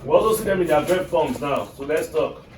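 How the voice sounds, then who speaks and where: A man's voice: a little high, animated, brisk. A man with a Nigerian accent teaching an English lesson to a class, quizzing students and checking "are you getting me". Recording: echoey classroom from far off with noise.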